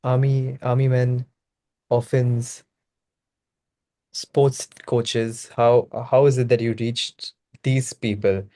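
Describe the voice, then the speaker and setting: Slow, mellow-voiced interview host. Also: mid-range voice, flat delivery. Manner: thoughtful, searching phrasing with restarts. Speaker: podcast host. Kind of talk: interview questions.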